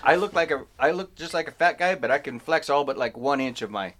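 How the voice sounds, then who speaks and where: Brisk and a little high-pitched, with slight background noise, a man on a podcast spins a long, rambling personal anecdote for a friend. He tells it animatedly, breaking off and restarting his sentences as he goes.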